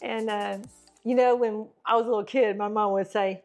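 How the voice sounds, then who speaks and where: A middle-aged woman co-hosting a casual faith and wellness talk show, animated, acting out tones of voice and laughing often. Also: medium pitch, moderate pace, soft background music. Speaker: podcast co-host.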